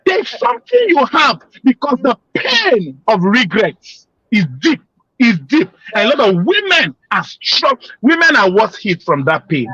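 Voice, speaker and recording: A man with a high, bright voice speaks as a podcast guest, husky around the edges. His delivery is emphatic and sermon-like, his pitch swinging widely as he presses a point. The sound is a bit dull and lo-fi. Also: huge pitch swings, unhurried, no echo. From Nigeria. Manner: emphatic and preaching, rising to shouts. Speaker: parenting coach.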